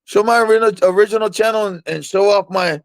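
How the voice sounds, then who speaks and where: Tipsy, boastful man with a gravelly high voice. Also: fast talker, no room sound. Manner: boastful, rambling, stammers and repeats himself. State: tipsy from drinking. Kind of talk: casual rowdy chat.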